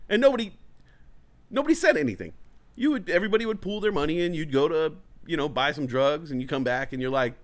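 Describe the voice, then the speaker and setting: A man's voice: fairly high pitch, fairly quick, a bit bright. A man hosting a talk show, telling a long, rambling, profane story in casual chat and acting out angry quotes. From California Bay Area. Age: adult parent of a young child. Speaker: show host.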